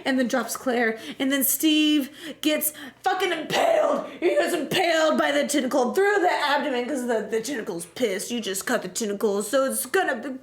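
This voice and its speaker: Speaking at normal speed in a high voice, a young female streamer gives a lively recap of a game. She keeps it casual, full of jokes and swearing.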